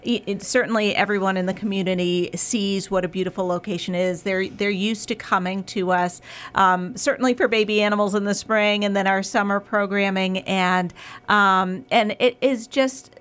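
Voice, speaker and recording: A woman's voice: medium pitch, steady tone, normal speed. Eager New woman as a radio guest. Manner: warm, eager, many ums and restarts. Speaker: radio guest, museum marketing director. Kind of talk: casual radio interview.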